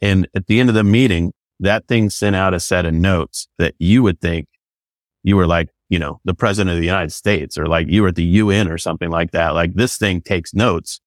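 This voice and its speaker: A man's voice: low-pitched, fairly even intonation, fairly quick, dry recording, studio quality. A man who works as a business consultant and coach, talking enthusiastically in a loose, rambling way full of fillers. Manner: enthusiastic, rambling, many fillers like "you know". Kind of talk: casual podcast conversation.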